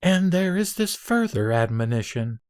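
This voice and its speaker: A man reading an old Buddhist scripture aloud in a measured, solemn recitation, pacing out long lists phrase by phrase. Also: sits high, very animated, darkish tone, smooth, no room sound, clean studio sound.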